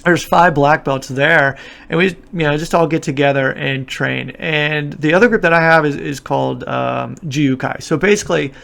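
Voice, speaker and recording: A man's voice: fairly high pitch, steady tone, moderate pace, gravelly, fairly bright tone. A man talking casually in a podcast interview, explaining things at length with frequent fillers and restarts. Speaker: guest, martial arts instructor. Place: Japan.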